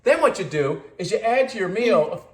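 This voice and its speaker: Woman as a dim, proud home-cook guy; lively pitch, echoey room. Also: moderate pace, lightly acted. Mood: goofy boastful. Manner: boastful, deadpan silly, jumpy loudness. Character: clueless goofy male home-cooking guy. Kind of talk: comedy sketch monologue.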